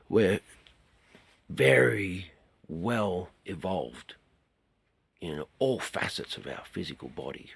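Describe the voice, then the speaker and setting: An Australian man talking in an earnest, rambling way, trailing off quietly and then swelling suddenly. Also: deep voice, creaky, slightly rough, no room sound. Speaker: host. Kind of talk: rambling spoken talk.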